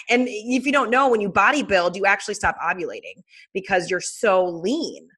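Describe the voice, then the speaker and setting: A woman in her thirties, a guest telling a personal story in a casual, animated way with many fillers. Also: medium pitch, brisk, slightly rough.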